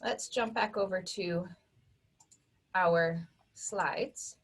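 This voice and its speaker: A woman with a fairly low voice gives an online phonics lesson for young children. She speaks extremely slowly and clearly, sounding out each word one sound at a time.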